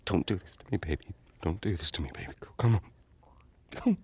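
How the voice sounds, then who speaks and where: A man's voice: sits low, animated, a little fast, darkish tone, breathy edge, heavily acted. An actor playing a desperate father who pleads and sobs over his hurt daughter in a game cutscene. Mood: pleading. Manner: pleading, sobbing. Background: music.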